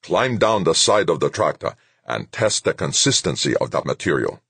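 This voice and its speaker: Man as a curt commander, very deep, husky, dry, barking. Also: sing-song, moderate pace, fairly bright tone, no room sound, exaggerated voice. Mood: commanding. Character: harsh male military commander, impatient.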